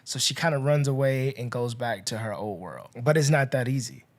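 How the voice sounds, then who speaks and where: A man hosting a podcast, casually retelling a movie's plot in a chatty, rambling way, full of "you know" and "like", with his voice rising and dropping in loudness. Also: mid-range voice, moderate pace. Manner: chatty, filler-heavy storytelling with swings in loudness. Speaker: podcast host.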